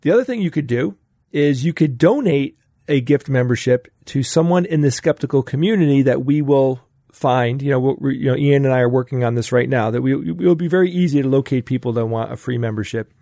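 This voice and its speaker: A man's voice: medium pitch, brisk, vocal fry, mellow, no echo, studio quality. A man co-hosting a podcast, giving an upbeat promotional announcement. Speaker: podcast co-host. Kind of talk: casual announcement.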